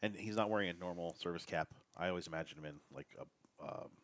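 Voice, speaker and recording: Deep-voiced male tabletop player. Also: quick pace, a bit bright. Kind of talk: describing his character in a tabletop game.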